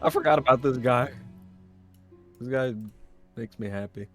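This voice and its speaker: A man chatting casually during a tabletop game, giggly and joking with quick asides. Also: mid-range voice, faint music behind. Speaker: player. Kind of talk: casual chat.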